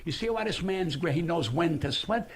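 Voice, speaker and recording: A man's voice: on the high side, normal speed, breathy edge. A man in his seventies, a comedian guest on a radio show, telling stories in a brash, profane, lecturing way. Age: 70s. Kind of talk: radio interview storytelling. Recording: archived radio clip with steady hiss.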